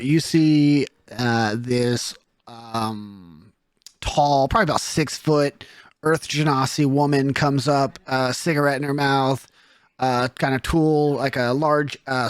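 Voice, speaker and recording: A man's voice: medium pitch, clean tone, dry recording, clean studio sound. Loose-talking man narrating as game master. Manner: loose, filler-heavy narration.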